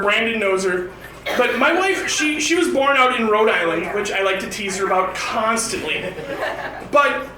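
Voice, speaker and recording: A man's voice: high-pitched, sharp tone, far from the mic. A man in his thirties telling rambling family stories at an open mic, often restarting his sentences. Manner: rambling storytelling with frequent restarts. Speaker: stand-up comedian. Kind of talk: stand-up comedy set. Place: bar open mic stage, indoors. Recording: echoey room, voice off-mic, noisy.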